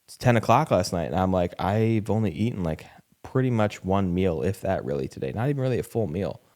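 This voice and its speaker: A young man with a very low voice hosts a candid podcast conversation. He talks openly and with animation, acting out little quoted lines and dropping casual swears. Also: expressive, brisk, darkish tone. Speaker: podcast host.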